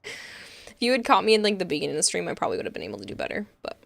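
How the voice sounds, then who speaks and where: Tired woman streaming late, talking softly and a bit breathless; low, gravelly, dry-miked. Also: huge pitch swings, no echo. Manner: deliberately quiet, reads chat aloud. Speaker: game streamer. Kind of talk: casual late-night stream chat.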